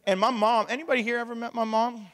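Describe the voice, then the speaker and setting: A man, preaching a lively sermon and acting out the voices he quotes. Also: extremely high pitch, quick pace. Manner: animated, plays out quoted voices, laughs often. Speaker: pastor. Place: church hall. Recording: long hall reverb.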